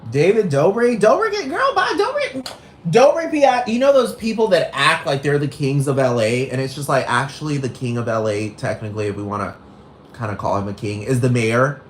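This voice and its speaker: A man's voice: mid-range voice, big pitch swings, fairly quick, slight background noise, close to an everyday voice. A man performing a brash, gossipy young woman who goes on a rambling, profane rant in a comedic character monologue. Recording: roomy echo.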